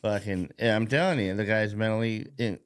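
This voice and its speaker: This podcast host has a fairly low, smooth voice and talks fairly quickly. He goes on a casual, rambling political rant, profane and mocking, laughing at his own jokes.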